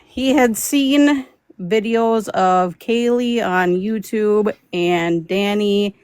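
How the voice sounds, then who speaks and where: A woman's voice: medium pitch, very slow, darkish tone, smooth, dry recording. A woman moderator on a live stream, frightened and stammering.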